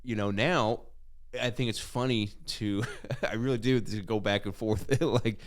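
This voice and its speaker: Man, lowish voice, loose rambling podcast talk, laughs a lot, swears freely. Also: steady tone, a little slow. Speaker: podcast co-host. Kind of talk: casual podcast chat.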